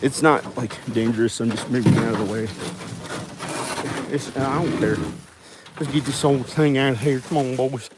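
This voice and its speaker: A man rambling and joking casually to viewers as he clears out old junk. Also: medium pitch, normal speed, pauses often, very noisy. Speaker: video creator.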